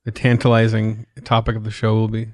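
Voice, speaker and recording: A man's voice: lowish voice, monotone, brisk, darkish tone, no room sound. A man co-hosting a podcast, chatting playfully and laughing often. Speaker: podcast co-host. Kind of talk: casual podcast chat.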